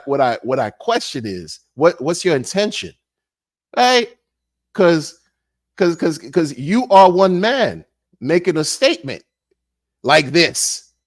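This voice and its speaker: A man ranting in a casual monologue, animated and sarcastic, repeating words and laughing often. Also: fairly high pitch, no echo, clean studio sound. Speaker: crypto commentator.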